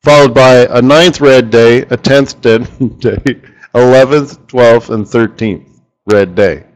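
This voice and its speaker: A man hosting a live currency trading strategy session in front of a room, talking in an animated, joking way and firing off rhetorical questions at the audience. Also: medium pitch, slow, rough recording.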